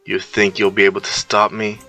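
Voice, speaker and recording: A man's voice: on the low side, completely flat delivery, a little fast, sharp tone, faint music behind. A man voicing a mocking, gloating male demon king villain in a fan-made story. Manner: mocking, taunting.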